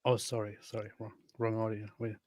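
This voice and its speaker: Relaxed man mocking a clip. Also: on the low side, a little fast, no room sound. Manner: mocking, laughs often, relaxed. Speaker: livestream host. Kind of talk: casual commentary chat.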